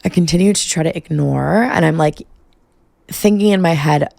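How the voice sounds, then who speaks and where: Young woman podcast host, heavy vocal fry, dry close sound, casual swearing storyteller. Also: low voice, normal speed, a little mellow, no room sound. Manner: chatty, profane, filler-heavy.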